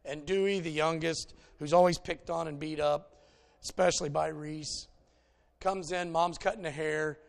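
Folksy preacher man with gravelly voice. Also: fairly high pitch, fairly even intonation, normal speed. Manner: folksy, anecdotal, plainspoken. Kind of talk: conversational sermon.

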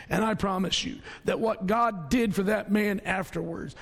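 A man preaching a sermon to his church with a drawl, folksy and conversational, swinging from loud outbursts to hushed asides. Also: sits high, measured pace, vocal fry, big-room sound. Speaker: pastor.

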